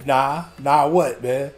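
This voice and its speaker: A man's voice: medium pitch, very slow, faint music behind. A man livestreaming a game, chatting casually with chat and a friend, often laughing and joking.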